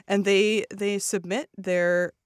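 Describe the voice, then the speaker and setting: A woman speaking as a nonprofit director on a radio interview, her answers full of pauses, ums and restarts. Her voice is mid-pitched and dry, close on a studio microphone. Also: flat delivery, smooth, dry recording. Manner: hesitant, many ums and restarts.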